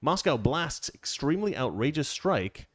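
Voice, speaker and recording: A middle-aged man hosts a casual political talk show, his voice on the high side and very animated, moving at a moderate pace with a fairly bright tone. He rambles wryly, often stopping to restart sentences. The studio sound is clean, with no echo.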